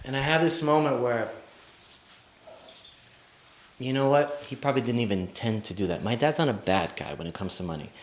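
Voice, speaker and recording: A young man telling a comic personal story live on stage, animated and often laughing as he talks. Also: mid-range voice, quick pace, echoey room, a little hiss or hum. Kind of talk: live storytelling before an audience. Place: stage before a live audience.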